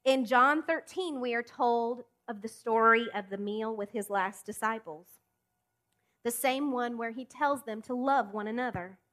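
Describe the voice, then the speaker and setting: A woman preaching a sermon, speaking emphatically with deliberate pauses and direct questions to the congregation. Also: fairly high pitch, fairly bright tone. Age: adult.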